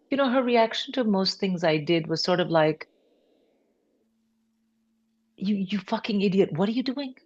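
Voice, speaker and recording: A low-pitched middle-aged woman talks as a comedy podcast guest. She tells family stories with animation and casual swearing, slipping into her relatives' voices. The sound is a bit dull and lo-fi. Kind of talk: podcast interview storytelling.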